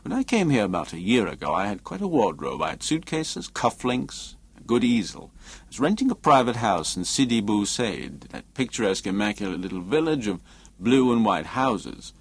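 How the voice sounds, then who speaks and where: A man's voice: on the low side, very animated, moderate pace, slightly rough, heavily acted. A man doing a scornful blunt painter. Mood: sardonic. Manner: cutting, dismissive. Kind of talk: audiobook character reading.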